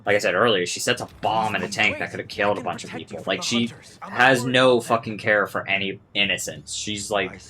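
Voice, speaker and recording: A man's voice: lowish voice, brisk, a crowd in the background. A man casually reviewing a film, rambling and sarcastic, with lots of swearing.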